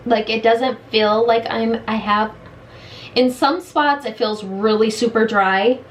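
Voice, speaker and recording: A woman in her late thirties vlogs a makeup review from her bedroom, her voice fairly high and her words slow and drawn out. She sounds blunt and exasperated, and a faint hiss sits under the camera mic. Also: fairly even intonation, rough recording. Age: late 30s. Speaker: beauty vlogger. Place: bedroom at home.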